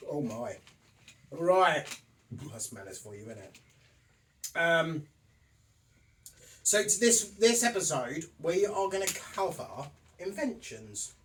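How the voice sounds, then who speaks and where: A middle-aged man hosts a casual podcast with plenty of sighs, swearing and weary exasperation, sounding hot and sweaty. His pitch swings widely. He sits a little back from the mic, with faint noise behind him. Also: sing-song, slow, pauses often, far from the mic. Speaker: podcast host. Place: hot room indoors.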